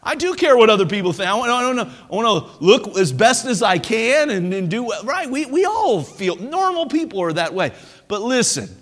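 A pastor preaching with a high voice that swings widely in pitch and a bright, forceful edge. He talks in an animated, conversational way, stumbling into quick restarts. His voice rings out with the long reverb of a large church hall. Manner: animated preaching with stammered restarts and playful impressions. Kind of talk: sermon.

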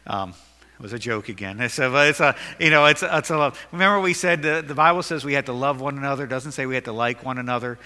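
A man's voice: medium pitch, fast, sharp tone, in a large hall. A man preaching a sermon as pastor, earnest and emphatic, with self-deprecating jokes.

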